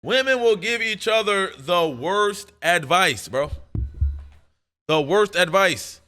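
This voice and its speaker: A man's voice: high voice, expressive, slow pace, bright, forceful tone. A man streaming live and reacting to clips, making emphatic points full of profanity and repeating them again and again.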